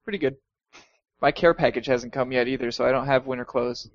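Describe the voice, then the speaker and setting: A man's voice: medium pitch, fairly quick, dry recording, highs cut off. A man co-hosting a gaming podcast, casual and joking, with many fillers. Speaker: podcast co-host. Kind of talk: casual chat.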